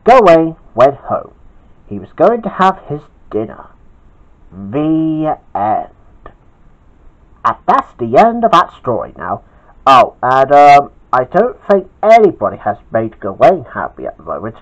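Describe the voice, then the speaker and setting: Slow, halting man reading a homemade story. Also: medium pitch, wildly swooping pitch, muffled recording. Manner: halting and chatty, with asides. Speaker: storyteller, channel host.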